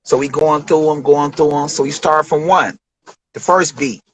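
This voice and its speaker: A man telling a studio story as an interview guest, animated, acting out quotes with big jumps in pitch. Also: moderate pace, no room sound. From Detroit.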